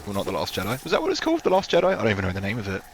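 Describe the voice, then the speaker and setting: A man's voice: fairly low pitch, huge pitch swings, rapid-fire, background noise. A man chatting casually as a guest, rambling and correcting himself with amusement. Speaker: co-host guest. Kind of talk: casual gaming chat. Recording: game music clearly behind.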